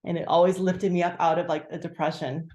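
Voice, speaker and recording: A woman leading a group, sharing her story candidly and haltingly, full of "like" fillers, on a video call. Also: on the low side, flat delivery, warm tone, reverberant. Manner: candid, halting, many "like" fillers, bursts of acted-out quotes. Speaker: team leader sharing gratitude.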